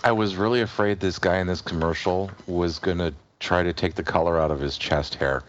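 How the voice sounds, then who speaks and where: A man's voice: low voice, fairly even intonation, a little fast, lo-fi sound, slight background noise. A man co-hosting a casual podcast chat, wry and joking, laughing often. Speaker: podcast co-host.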